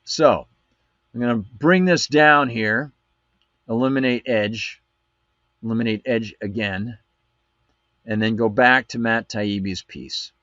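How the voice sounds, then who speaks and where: A man's voice: mid-range voice, takes it slowly, pauses often, fairly bright tone, dry recording, highs cut off. A man hosting a live political commentary show, reading documents aloud and breaking off with sarcastic asides. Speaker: show host.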